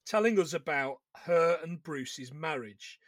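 A man's voice: a little high, expressive, a little slow, no echo, clean studio sound. A man co-hosting a casual film-review podcast, joking and swearing as he talks. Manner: swearing, joking, laughs often. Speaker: podcast co-host.

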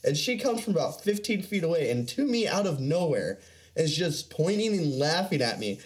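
A man's voice: fairly high pitch, big pitch swings, normal speed. A young man telling rambling, profane stories in casual chat, laughing often.

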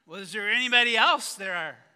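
A man's voice: sits high, expressive, moderate pace, sharp tone, clear, resonant tone, in a large hall, exaggerated voice. A man playing a polite, worried pastor who stammers and restarts his questions. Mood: puzzled.

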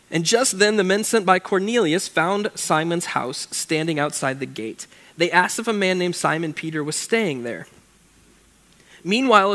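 A man's voice: sits high, fairly bright tone. A young man preaching a casual sermon, reading scripture aloud and breaking off into chatty, joking asides. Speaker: pastor.

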